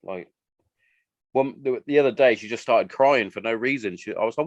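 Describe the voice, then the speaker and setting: A man's voice: medium pitch, normal speed, a little mellow, dry recording, dull audio. A man in his thirties hosting a podcast, chatting casually and acting out his family's lines as he tells stories. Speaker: podcast host. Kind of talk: casual chat.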